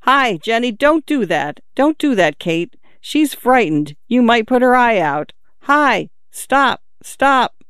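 A reader voicing an alarmed father in his fifties who shouts urgent, indignant pleas at his children and dog in a storybook reading. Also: mid-range voice, big pitch swings, takes it slowly, smooth, dry recording, studio quality, pitched above the performer's own voice. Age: 50s. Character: alarmed middle-aged father, fond and gentle.

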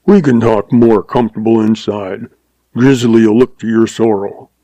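A man's voice: on the low side, measured pace, mellow, no room sound, rough recording. A man voicing a grumpy, irritable old one-legged rancher who growls and snaps his words in a western drawl. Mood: snappish. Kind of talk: audiobook character voice.

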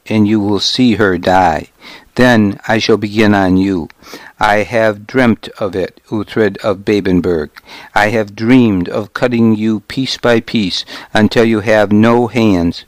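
Man doing a cruel danish jarl, threatens in a level easy voice, deep-ish and unhurried. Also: no echo. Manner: reasonable, even-toned threats. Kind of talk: audiobook character reading.

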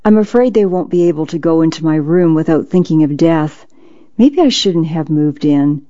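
A narrator voicing a gentle, polished older woman who is dying, speaking softly and sorrowfully in an audiobook reading. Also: mid-range voice, animated, normal speed, muffled recording, lightly acted. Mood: somber. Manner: soft, sorrowful, apologetic.

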